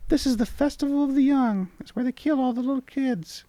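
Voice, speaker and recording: A man voicing a tiny, chirpy male mini mite creature in a game playthrough, with an excitable, squeaky voice. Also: no room sound. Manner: squeaky, excitable, fast-talking.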